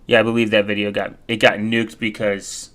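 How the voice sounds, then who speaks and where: A man's voice: lowish voice, little pitch movement, moderate pace, fairly bright tone. A man from the United States rambling casually while browsing, with many fillers and self-corrections.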